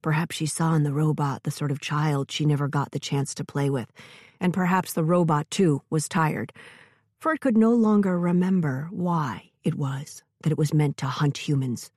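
Woman putting on an old grandma storyteller, low, dark and settled, dry sound. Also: normal speed, dry recording. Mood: musing.

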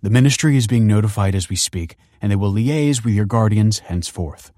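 A man's voice: on the low side, fairly quick, mellow, no room sound, clean studio sound, close to an everyday voice. A man reading a story aloud and voicing a stern woman school principal who speaks in a formal, officious way.

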